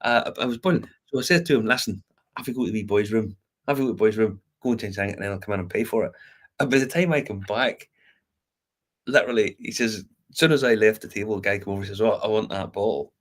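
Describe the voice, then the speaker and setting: A low-voiced man chats casually as a podcast co-host. He tells stories with easy laughter and the odd curse thrown in. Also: fast. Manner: laughing storyteller, swears freely. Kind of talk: casual chat.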